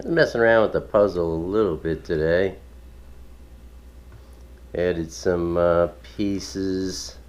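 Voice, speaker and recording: A man's voice: low-pitched, a little mellow. A man hosting his own video, chatting casually and rambling with chuckles and many fillers. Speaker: ministry video host. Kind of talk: casual home video chat.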